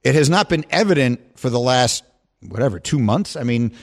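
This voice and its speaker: A man hosting a sports talk radio show, chatting casually, teasing his guests and laughing easily. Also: medium pitch. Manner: animated, quick to laugh and tease.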